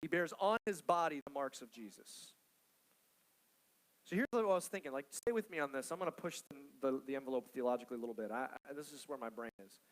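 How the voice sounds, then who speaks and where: A man's voice: medium pitch, fast, rough recording. A man in his thirties, a pastor preaching to church staff in a casual, storytelling way, often tossing in "like" and "okay?". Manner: conversational, storytelling, frequent "like" and "okay?".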